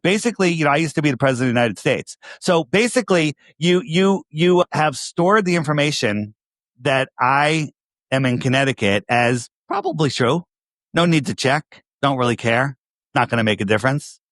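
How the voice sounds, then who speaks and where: A man's voice: medium pitch, expressive, moderate pace, a bit bright, dry recording, clean studio sound. A man with a New York accent, a podcast guest talking emphatically, repeating himself and firing rhetorical questions. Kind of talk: casual interview talk.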